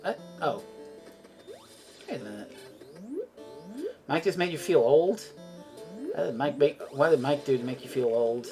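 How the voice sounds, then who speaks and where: A woman's voice: a bass voice, a little slow, long pauses. European woman streaming a game and ranting, sarcastic, swears, stumbles over words, faint game music behind. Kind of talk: casual chat while streaming a game.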